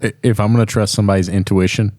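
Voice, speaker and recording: A man's voice: lowish voice, fairly even intonation, rapid-fire, darkish tone, no room sound. A man hosting a podcast, trading dry, teasing remarks in casual chat.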